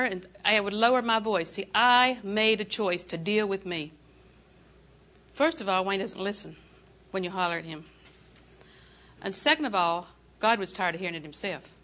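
Bright-voiced older woman preaching with humor. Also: mid-range voice. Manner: folksy, humorous storytelling with frequent laughs. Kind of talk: sermon.

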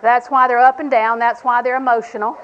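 An older woman with a drawl preaches a homespun sermon, her voice sitting a little high for a woman. She jokes with the room and slips into small acted-out exchanges. A faint hiss of room noise sits under her voice. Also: little pitch movement, brisk, a bit bright, highs cut off. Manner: folksy, humorous, acts out little dialogues. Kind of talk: sermon to a women's audience.

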